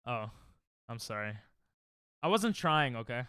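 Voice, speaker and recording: A young man streaming a game, chatting casually and reacting excitably to chat on a headset mic. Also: medium pitch, measured pace, smooth, dry recording, clean studio sound. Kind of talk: casual live-stream chatter while gaming.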